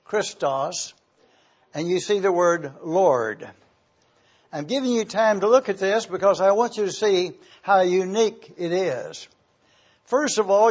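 A male pastor preaching a sermon to his congregation in a slow, deliberate, emphatic way, pausing often. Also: high-pitched, husky, dull audio.

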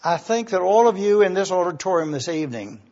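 A man with a husky, slightly raised voice delivers a teaching sermon in an auditorium. He moves deliberately, repeating key points slowly so listeners can take notes. The recording is dull and lo-fi. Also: high-pitched, lively intonation, darkish tone. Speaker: preacher.

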